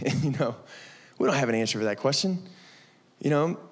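A young man preaching a lively, conversational sermon to middle schoolers, acting out quotes and saying y'all. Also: medium pitch, moderate pace. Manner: animated, conversational, says y'all, acts out quotes. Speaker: youth pastor. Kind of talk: youth sermon.

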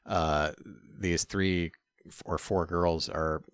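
A man's voice: deep voice, fairly even intonation, takes it slowly, clear, resonant tone, no room sound, clean studio sound. A man co-hosting a casual political talk show, blunt and profane, with laughs in between. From Minneapolis area. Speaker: podcast co-host.

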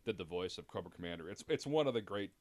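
Low-voiced man, lively rambling podcast guest. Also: fast talker. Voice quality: profane, rambling, laughs through stories. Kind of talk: casual podcast chat.

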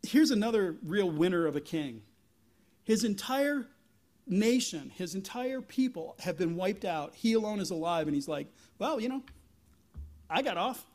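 A man preaching a sermon as pastor, retelling a Bible story in an animated way and often restarting his sentences. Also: high voice, normal speed. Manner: animated storytelling, acting out biblical figures, frequent restarts.

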